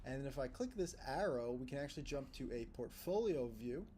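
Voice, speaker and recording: Man, app walkthrough, steady explaining, faint background noise. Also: medium pitch, a little fast. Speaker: tutorial presenter. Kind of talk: screen-recorded app walkthrough.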